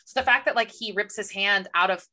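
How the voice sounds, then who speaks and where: Young woman co-host, quick and bright, venting at a fast clip. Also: medium pitch. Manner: quick, exasperated venting, acts out characters' lines. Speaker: podcast co-host. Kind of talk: casual book chat.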